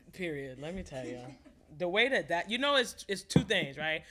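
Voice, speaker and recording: A young woman from the performs spoken-word poetry for a live audience. Her voice is bright and forceful, trading quick slangy jokes with the crowd and then slowing into a measured, rhythmic recitation. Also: lowish voice, slight background noise. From the Bronx, New York. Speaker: performance poet. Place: indoor reading venue before a live audience.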